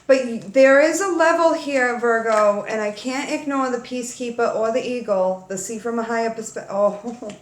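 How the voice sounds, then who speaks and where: A woman's voice: on the high side, normal speed, echoey room. A woman doing a casual tarot reading, playful and slangy, swearing freely and talking straight to her viewers. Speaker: tarot reader.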